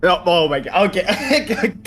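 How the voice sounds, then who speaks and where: Animated man bantering at a game table. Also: high voice. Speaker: player. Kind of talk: casual tabletop game chat.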